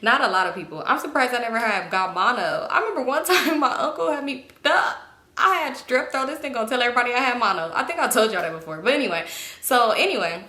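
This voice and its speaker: A young woman vlogger telling a storytime tale in an animated, chatty way, laughing often. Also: a little high, fast talker, reverberant. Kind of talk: storytime vlog.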